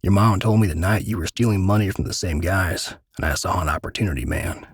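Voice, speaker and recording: A man's voice: sits low, a little fast, slightly rough, dry recording, clean studio sound. A man voicing a big, guilty middle-aged man who stammers and pleads through tears in a dramatic story reading. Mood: confessing. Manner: stammering, tearful.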